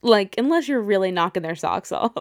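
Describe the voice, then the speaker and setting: A woman's voice: mid-range voice, a little fast, dry recording, studio quality. Chatty woman recapping a movie, laughing. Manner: animated, laughing, swears casually, acts out quotes. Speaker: podcast co-host. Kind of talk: casual movie rewatch chat.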